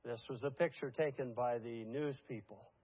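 A man's voice: medium pitch, normal speed, husky, dry recording. An older man preaching a sermon to a congregation, building to emphatic peaks with frequent fillers, in a dull lo-fi recording. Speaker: pastor. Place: church congregation.

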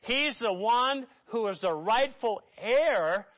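A man preaching a sermon, acting out voices and swinging between loud dramatic lines and hushed asides. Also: extremely high pitch, expressive, slow.

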